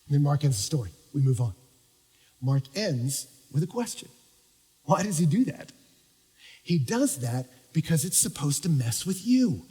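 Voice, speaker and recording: A man preaching a sermon as pastor, swinging from hushed, quiet stretches up to shouting. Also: a little high, very animated, normal speed, slightly rough. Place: large church auditorium. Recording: long reverb of a large hall.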